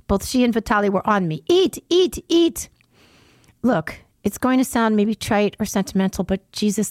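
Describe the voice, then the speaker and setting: A woman's voice: mid-range voice, creaky, a little mellow, dry recording. Wry woman reading her travel dispatch, dry sound. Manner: wry, conversational asides breaking the read text. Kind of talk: first-person narration with spoken asides.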